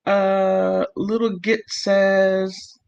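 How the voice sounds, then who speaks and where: Male streamer, slightly high voice, slow heated delivery, dull lo-fi audio. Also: little pitch movement, creaky, darkish tone, clean tone. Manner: emotional, heated, self-interrupting and apologetic. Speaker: livestream host. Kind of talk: casual livestream commentary, reading chat comments.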